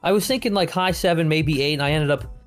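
A man's voice: fairly high pitch, quick pace, soft background music. A man co-hosting a film review podcast, chatting casually with lots of fillers and the odd swear word. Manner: rambling, filler-heavy and profane. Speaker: podcast co-host reviewing films. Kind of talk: casual chat.

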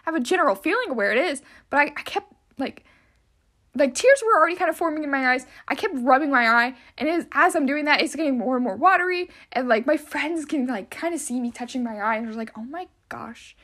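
A young woman chats through a solo podcast in a rambling, easygoing way, her speech full of filler words. Her voice sits high and sounds bright and sharp, and she talks freely without a script. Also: lively intonation, fast talker. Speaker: podcast host. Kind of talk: casual solo podcast chat.

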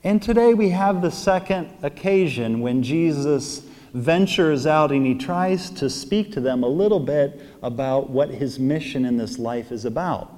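A man's voice: a little high, animated, measured pace, hardly any pauses, a little mellow. A man preaching a sermon at mass in a conversational style, often checking in with his listeners by asking "right?". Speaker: priest. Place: church. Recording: long church reverb.

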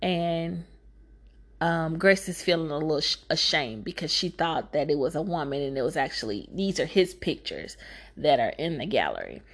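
A woman's voice: low voice, very animated, normal speed. A woman giving a casual movie recap, sassy and exasperated, talking back to the filmmaker.

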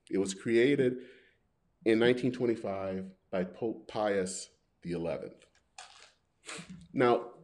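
A man preaching a sermon, opening with a retold Bible story in slow, measured storytelling. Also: on the low side, dark tone. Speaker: pastor.

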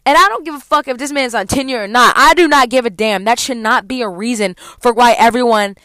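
A woman's voice: on the high side, brisk, sharp tone, no echo. A young adult woman, a college student, venting in a heavily profane, heated vlog rant.

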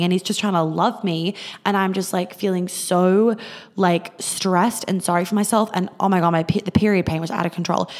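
A young Australian woman hosting a podcast, telling a rambling story in a casual way, swearing freely and using lots of fillers. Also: mid-range voice. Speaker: podcast host.

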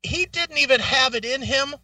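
Bright, animated, cursing male storyteller. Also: extremely high pitch, normal speed, no echo, far from the mic. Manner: profane, animated storyteller acting out quotes. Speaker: radio show co-host. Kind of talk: casual storytelling chat.

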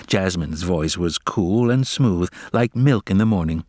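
A man reading a children's novel aloud as narrator, with expressive, dramatic storytelling. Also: sits low, measured pace, dry recording, clean studio sound.

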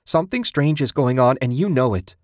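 A man's voice: mid-range voice, a little slow, no room sound, studio quality, lightly acted. A man putting on a frightened, insistent wife. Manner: raised, pleading, sharp-edged.

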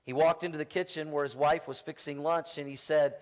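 A man preaching a sermon in a church, telling stories in a relaxed, conversational way with playful humor. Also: fairly high pitch, fairly quick. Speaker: pastor. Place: church sanctuary.

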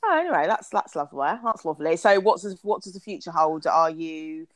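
A woman's voice: low-pitched, animated, a little fast, no echo. A woman hosting a podcast in casual chat, chatty and often checking "you know what I mean".

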